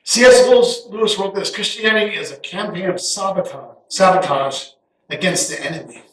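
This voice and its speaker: A middle-aged man giving a folksy, animated guest sermon in a church sanctuary, acting out Bible characters in quick asides. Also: sits high, recorded from a distance. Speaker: guest pastor. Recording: echoey church hall, voice heard from afar.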